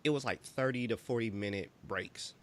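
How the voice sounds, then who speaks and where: A man co-hosting a podcast, telling stories in a relaxed, rambling way full of fillers. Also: medium pitch, normal speed. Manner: relaxed storytelling, lots of fillers. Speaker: podcast co-host. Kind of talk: casual chat.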